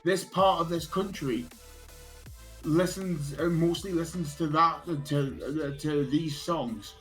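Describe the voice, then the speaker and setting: A man with a somewhat high voice talks loosely with a friend, trailing off and restarting between many fillers. Faint music sits under his voice. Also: takes it slowly, a bit bright, rough recording. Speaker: friend on stream. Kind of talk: casual chat.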